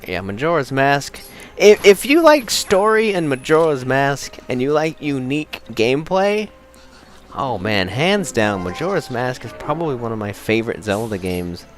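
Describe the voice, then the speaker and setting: A young man casually commenting while he plays a video game, excitable and rambling, with game music behind him. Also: mid-range voice, moderate pace. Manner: excitable, chatty, rambling with restarts. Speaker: let's play host.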